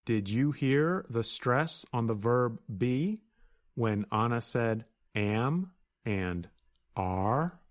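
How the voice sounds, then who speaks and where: A man co-hosting a scripted English lesson, speaking slowly and carefully with a melodic, rising and falling pitch. He explains each point plainly and spells words out letter by letter for learners. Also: animated. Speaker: co-host and English teacher. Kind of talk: scripted teaching dialogue.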